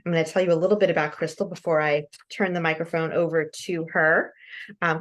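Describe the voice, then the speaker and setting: A woman moderating a webinar over a video call, reading housekeeping notes and a speaker introduction. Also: deep voice. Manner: reads guidelines and bio in a measured way. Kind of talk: scripted introduction.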